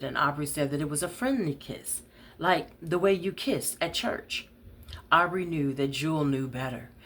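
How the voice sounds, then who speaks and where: Woman storyteller reading her novel aloud, steady and conversational. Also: low voice.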